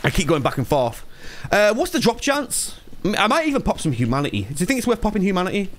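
A young man chatting live while playing a game, ranting and swearing, alternating between low mumbles and loud outbursts. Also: big pitch swings, fast talker. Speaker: streamer. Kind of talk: casual live-stream chat.

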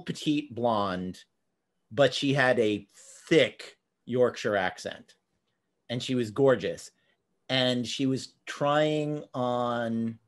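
A man hosting a podcast, chatting casually and telling stories with quick laughs. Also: mid-range voice. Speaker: podcast host. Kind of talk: casual chat.

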